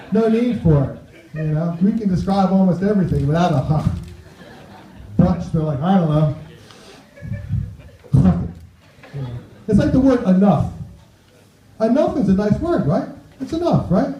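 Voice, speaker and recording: Guy doing a standup set, kinda high voice, dull muffled club recording. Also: animated, normal speed, roomy sound. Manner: chatty, tossing asides to the crowd. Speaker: stand-up comedian. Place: club stage.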